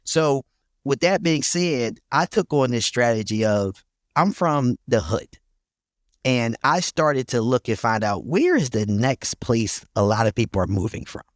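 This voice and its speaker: Man, middle-aged, podcast guest, laid-back and blunt, mid-pitched voice, dry close sound. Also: lively intonation, measured pace, no echo. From North Philadelphia, USA. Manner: laid-back storytelling, laughs often, blunt and profane. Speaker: guest, real estate investor. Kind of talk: casual podcast interview.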